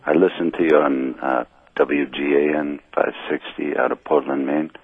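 A slightly drunk man calling in to a radio show, telling a long story in a rambling, halting way over a phone line. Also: rumbling low, fairly even intonation, husky, no echo. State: a little drunk. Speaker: caller. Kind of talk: call-in radio chat.

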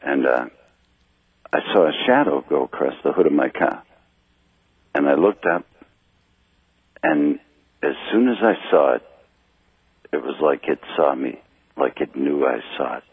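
A slightly drunk man calling in to a radio show, telling a long story in a rambling, halting way over a phone line. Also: a bass voice, animated, creaky, breathy edge, no room sound. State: a little drunk. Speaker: caller. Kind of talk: call-in radio chat.

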